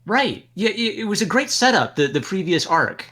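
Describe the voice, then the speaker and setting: A man hosting a podcast, chatting casually with animated, exasperated ranting. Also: sits high, normal speed. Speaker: podcast host. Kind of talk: casual chat.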